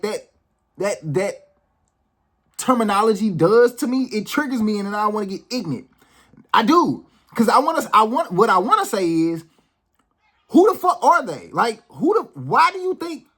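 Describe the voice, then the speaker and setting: A man vents straight to camera in an unscripted vlog, swearing freely and hammering his points with repeated restarts. His voice is husky and a little rough, and his pitch swings widely as he talks. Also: fairly bright tone. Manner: heated, profane and emphatic, with frequent restarts. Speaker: vlog host.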